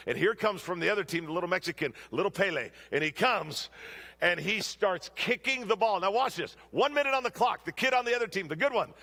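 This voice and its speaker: A middle-aged man preaching a sermon in a church, telling stories with humorous asides in an animated way. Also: high-pitched, creaky. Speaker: guest preacher. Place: church sanctuary.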